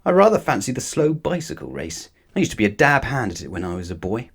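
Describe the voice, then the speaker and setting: A man's voice: medium pitch, sing-song, quick pace, husky. A man reading a storybook voices a flustered, exasperated middle-aged father with indignant outbursts. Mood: confident.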